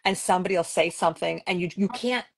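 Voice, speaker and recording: A woman's voice: lowish voice, fast, gravelly, breathy edge. A woman from New York City, a podcast co-host, telling stories casually and animatedly, often acting out what she said at the time. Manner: animated, acts out her own past remarks, frequent "like". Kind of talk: casual conversational storytelling.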